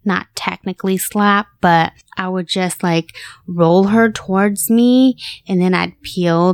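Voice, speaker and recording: A woman's voice: lowish voice, measured pace, clear, resonant tone, dry recording, studio quality. A young woman hosting a podcast, chatting candidly and casually about her family and swearing now and then. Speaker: podcast host. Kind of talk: casual personal chat.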